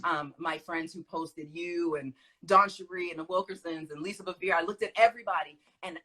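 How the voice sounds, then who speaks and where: An emphatic woman guest teaching in a conversational way, her voice bright, forceful and somewhat husky. She talks animatedly and stresses her points hard, often laughing between them. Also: fairly low pitch, steady tone, a little fast, low-quality recording. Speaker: guest speaker.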